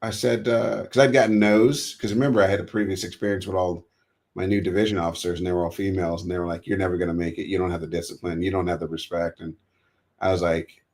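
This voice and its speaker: Deep, gravelly American man; interview guest, lively storyteller who acts out quotes. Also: fast talker.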